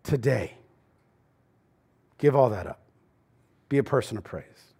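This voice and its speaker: A male pastor preaching a sermon in a church, talking to the congregation conversationally, swinging between loud emphasis and quiet asides. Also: mid-range voice, expressive, slow pace, creaky, breathy edge. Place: church sanctuary.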